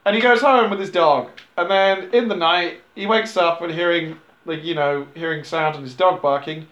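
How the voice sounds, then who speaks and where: A man recapping a movie plot in a casual, rambling, profane way, sometimes dropping into quick character voices. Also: on the high side, a bit bright, muffled recording. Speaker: podcast host recapping a film. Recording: echoey room.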